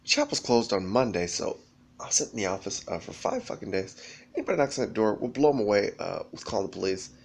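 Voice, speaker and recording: A man's voice: on the low side, very animated, fast, vocal fry. A man rambling through a profane monologue, often laughing as he talks.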